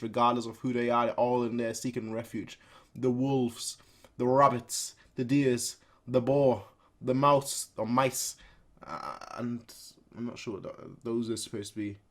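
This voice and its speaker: A man hosting a casual reaction video who reads a manga aloud and makes his own sound effects in an animated way. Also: mid-range voice, normal speed. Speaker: reaction channel host.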